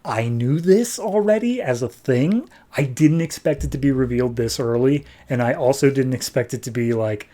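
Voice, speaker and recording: A man's voice: mid-range voice, darkish tone. A man hosting a podcast, giving an enthusiastic, casual recap of a comic book and swearing now and then. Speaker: podcast host.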